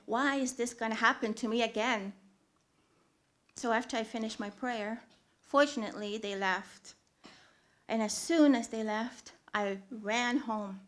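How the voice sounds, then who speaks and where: Woman storyteller, live on stage, earnest with pauses and loud swells, slightly higher voice. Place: theatre stage.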